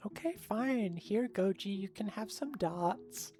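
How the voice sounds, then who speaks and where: Chatty young woman streamer, slow talker. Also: mid-range voice, expressive, dark tone, soft background music. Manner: bubbly, chatty, laughs often, talks to chat. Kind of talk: casual live-stream chat.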